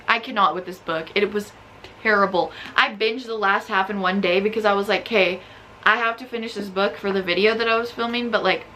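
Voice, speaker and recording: A young woman vlogging about books in a casual, animated way, full of "like" and exasperated outbursts. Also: mid-range voice, slight background noise. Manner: animated, exasperated, filler-heavy with frequent "like". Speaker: book vlogger. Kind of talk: casual ranting book review.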